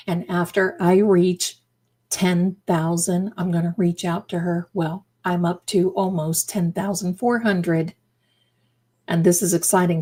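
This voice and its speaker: A woman's voice: fairly low pitch, slow, darkish tone. A middle-aged woman hosting a livestream, chatting casually and emphatically with her viewers, repeating phrases for effect and calling them her darlings. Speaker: livestream host.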